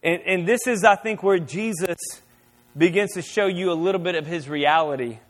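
A man preaching a sermon as a pastor, animated and shouting at times for effect. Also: sits high, normal speed.

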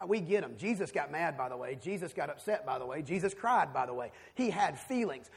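A man preaching a sermon, telling a personal story and swinging between hushed, quiet passages and loud, emphatic ones. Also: sits high, vocal fry, husky. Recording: long reverb of a large hall.

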